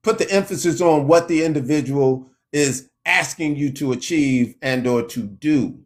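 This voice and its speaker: A man preaching a sermon in a slow, emphatic way, lifting his voice when he quotes scripture. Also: a little high.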